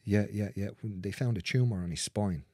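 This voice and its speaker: A man's voice: lowish voice, moderate pace, darkish tone, no room sound, clean studio sound. Blunt, swearing male therapist. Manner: blunt, swears freely, acts out quoted voices. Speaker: manual therapist. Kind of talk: casual storytelling in conversation.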